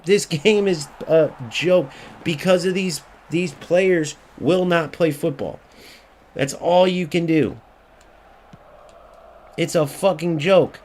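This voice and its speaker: A man's voice: on the high side, slow, long pauses, darkish tone. A man giving ranting gameplay commentary, angry and profane, repeating himself and mocking other players. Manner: mocking voice when quoting others. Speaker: gaming YouTuber.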